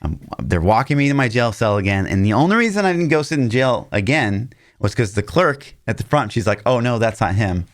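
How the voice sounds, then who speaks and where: A man's voice: mid-range voice, fairly quick, hardly any pauses. A man in his thirties, a podcast co-host, telling a long personal story in casual chat, acting out the lines of the people in it. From Missouri, US. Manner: animated anecdote-telling, acting out quotes with shouts.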